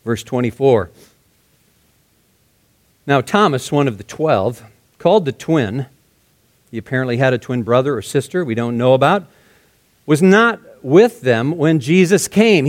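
Man, pastor, verse-by-verse sermon, conversational, soft hushed emphasis, a bit high-pitched. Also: animated, a little slow, pauses often. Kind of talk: expository sermon.

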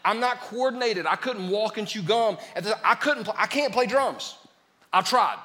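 A man preaching a lively sermon as a pastor, joking with his congregation. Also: high voice, moderate pace, long reverb tail. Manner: lively, joking with the congregation, calls them "y'all". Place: church sanctuary.

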